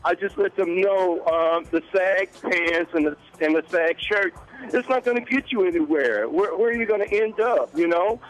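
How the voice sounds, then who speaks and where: A man in his fifties, a guest on a morning talk show, telling a story in an animated way and acting out the voices of the people in it. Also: high-pitched, moderate pace, faint music behind, low-quality recording. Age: 50s. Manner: animated, acts out quoted dialogue. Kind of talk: casual interview storytelling.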